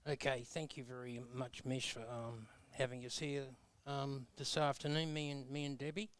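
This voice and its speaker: A man, a guest on a radio show, speaking haltingly with many ums. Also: mid-range voice, little pitch movement, clear, resonant tone.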